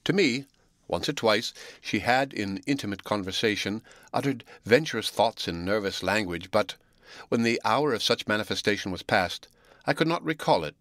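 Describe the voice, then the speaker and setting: Low-voiced man narrating a novel. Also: expressive, normal speed, a bit bright, no room sound, studio quality. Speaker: audiobook narrator. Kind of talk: reading a classic novel aloud.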